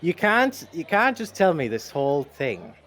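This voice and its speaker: A young man co-hosting a casual podcast chat, giggly and excitable. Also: on the high side, measured pace. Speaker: podcast co-host.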